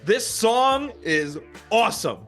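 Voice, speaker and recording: A man's voice: high voice, very animated, slow pace, a bit bright, faint music behind. A man co-hosting a podcast, chatting about movies in a blunt, opinionated way. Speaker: podcast co-host. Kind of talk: casual movie chat.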